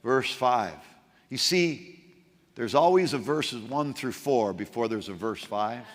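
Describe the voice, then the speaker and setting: A man preaching a sermon as pastor, swinging from loud, emphatic outbursts to hushed, quiet passages. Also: mid-range voice, animated, takes it slowly, in a large hall.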